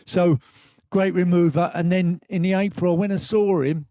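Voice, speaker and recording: A man's voice: sits high, fairly even intonation, moderate pace, mellow, dry recording. An older man from England, a guest at a live event, telling his story in a candid, rambling way with swearing, emotional at times. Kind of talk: live stage conversation.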